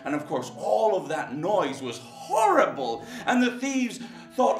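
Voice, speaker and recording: Animated male children's storyteller. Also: high voice, unhurried. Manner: animated, acts out sounds and voices. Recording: roomy, distant mic, faint music.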